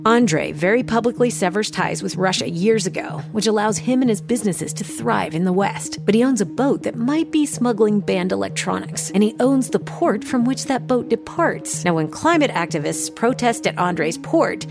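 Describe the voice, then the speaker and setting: A sardonic young hacker in an audio drama, muttering wry asides as she digs through data. Her voice has a gravelly edge, and a music score plays behind it. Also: mid-range voice, lively intonation, moderate pace, hardly any pauses. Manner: wry, sardonic inner monologue. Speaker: hacker protagonist.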